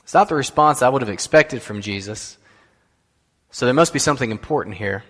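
A man's voice: mid-range voice, a little fast, a bit bright. A man giving a sermon as pastor, in a conversational way that puts questions to the listeners. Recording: long hall reverb.

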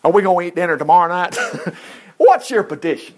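Man voicing a doting old king, high excited squeals, lively swoops. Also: a little fast.

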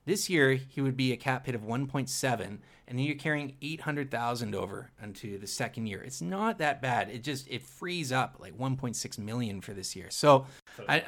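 A man co-hosting a casual sports podcast, relaxed, asking his co-hosts questions. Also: mid-range voice, moderate pace. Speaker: podcast co-host.

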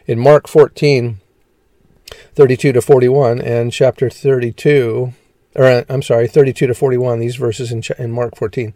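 A man's voice: mid-range voice, fairly even intonation, normal speed, dark tone, no room sound. A man teaching a scripture lesson, reading verses aloud one after another and often stumbling and correcting himself. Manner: reads verses plainly, stumbling and self-correcting.

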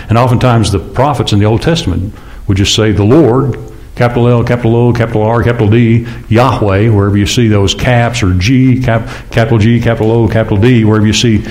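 A man preaching a sermon in church, talking casually and asking the congregation rhetorical questions. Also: darkish tone. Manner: conversational, with rhetorical questions and sudden rises in pitch. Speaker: pastor.

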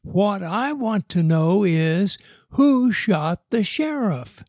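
A man reading a story voices a gruff, gravelly man over ninety who grumbles and calls out loudly. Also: high-pitched, animated, slow, no echo, clean studio sound, exaggerated voice. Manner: gruff, loud interjections.

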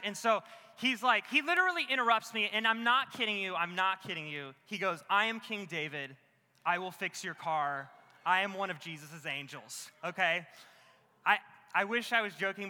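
Bright high-voiced young preacher in a big hall. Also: male voice, smooth. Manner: animated, self-mocking, many "like" fillers. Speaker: pastor. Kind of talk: sermon with comic storytelling. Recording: long hall reverb.

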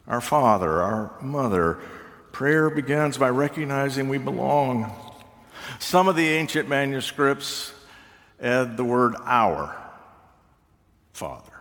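An older man preaching a sermon, reflective and unhurried, with touches of gentle humor. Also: medium pitch. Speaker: pastor. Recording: long reverb of a large hall.

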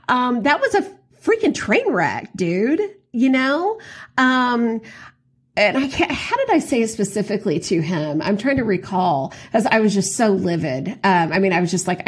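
A woman hosting a podcast, telling a story in a chatty, animated way with lots of fillers. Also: fairly high pitch, normal speed, husky. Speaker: podcast host. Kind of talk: casual storytelling monologue.

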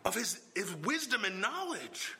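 A man preaching an expository sermon, emphatic and swinging from low, even delivery to sudden exclamations. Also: measured pace, a little hiss or hum.

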